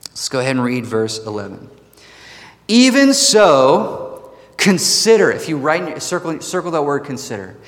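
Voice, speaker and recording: A man preaching a sermon as pastor, animated and emphatic, with rhetorical questions to the congregation. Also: mid-range voice, fairly quick, few pauses. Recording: long hall reverb.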